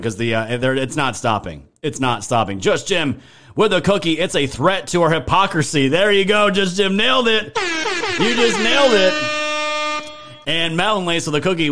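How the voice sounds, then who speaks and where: A man's voice: fairly high pitch, fairly bright tone. A man hosting a political live stream, ranting in a heated, profane way and thanking viewers in chat. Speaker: livestream political commentary host.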